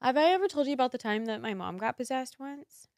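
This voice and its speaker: Laughing, animated woman telling a spooky story. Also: sits high, fast, dry recording, studio quality. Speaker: podcast host. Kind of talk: casual storytelling chat.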